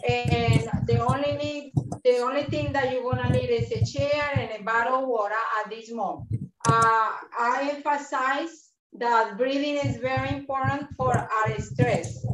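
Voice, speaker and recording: A woman leading a guided breathing and chair yoga class over a video call, speaking slowly and encouragingly and repeating her instructions. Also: high voice, very noisy. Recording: roomy, distant, dull video-call sound.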